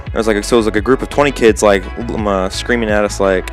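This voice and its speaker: A man's voice: on the low side, fairly even intonation, fast, faint music behind. A teenage boy and gaming channel host telling a story casually, rambling with lots of fillers. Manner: rambling, full of "like" and "um".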